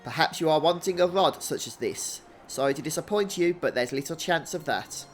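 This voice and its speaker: Man voicing a boastful female shipwright, put-on accent, raised pitch, game character. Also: a little fast, soft background music, natural voice. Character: proud female shipwright fishing enthusiast.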